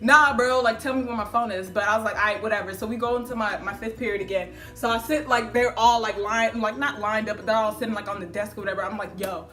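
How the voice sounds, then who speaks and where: A young adult woman telling a casual storytime to camera, slangy and swearing freely, loudly acting out the conversations she recounts. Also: medium pitch, steady tone, fast, few pauses. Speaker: vlogger.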